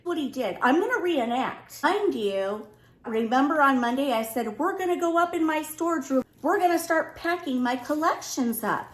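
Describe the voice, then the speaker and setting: A middle-aged woman vlogging from home, telling a story in a lively casual way and acting out the dialogue. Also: high voice, normal speed. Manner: animated, acts out both sides of the story. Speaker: lifestyle vlogger. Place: home room. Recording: echoey room.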